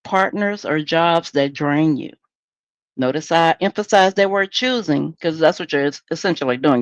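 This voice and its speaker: A woman's voice: low voice, moderate pace, no room sound. A woman hosting a solo podcast in a candid, conversational, preachy way. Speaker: podcast host.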